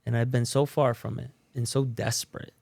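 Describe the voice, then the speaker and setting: A man's voice: medium pitch, flat delivery, moderate pace, creaky, darkish tone, no room sound. A man, a podcast guest, telling his own recovery story in a casual, slangy way, with many fillers and restarts.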